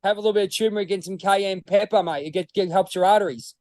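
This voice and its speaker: Chatty high-voiced Australian man. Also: steady tone, fast, darkish tone, no room sound. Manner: rambling, says "mate" constantly, swears freely. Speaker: podcast co-host. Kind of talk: casual podcast chat.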